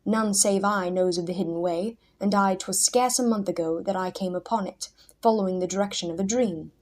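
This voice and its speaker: A half-mad old hermit , put on by a woman reading a storybook, his archaic speech swinging from roaring fury to reverent hushes. He is intense and obsessive, clinging to his treasure. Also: mid-range voice, a little fast, natural voice. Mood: eager. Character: mad old male hermit, wild and fervent.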